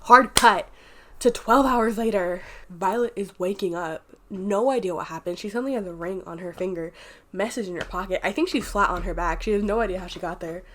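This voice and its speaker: A woman's voice: lowish voice, fast talker. A woman who is a candid, rambling book reviewer, swears freely, casual vlog delivery.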